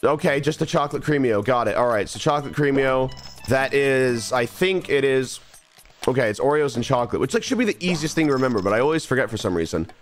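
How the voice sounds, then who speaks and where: A man's voice: mid-range voice, animated, quick pace, faint music behind. Self-mocking young male streamer. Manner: restless, self-mocking, repeats phrases under his breath. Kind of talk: live gameplay commentary.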